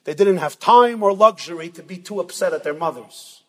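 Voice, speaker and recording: High husky male preacher in a hall. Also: expressive, normal speed. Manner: dramatic, emphatic, swings between loud and soft. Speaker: rabbi speaker at a yeshiva event. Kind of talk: sermon with storytelling. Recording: long reverb from a large hall.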